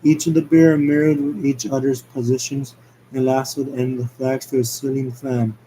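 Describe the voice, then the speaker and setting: Amateur male script reader, mellow mid-pitched voice, halting and stumbly. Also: little pitch movement, a little hiss or hum, poor audio. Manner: halting, stumbling over words. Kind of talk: amateur script read-aloud.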